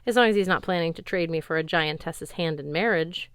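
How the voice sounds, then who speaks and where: A woman voicing a brash, loud male magic sword who yells slangy insults. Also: deep voice, fairly quick, clean tone, no echo, studio quality. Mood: grudging. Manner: yelling, slangy, indignant.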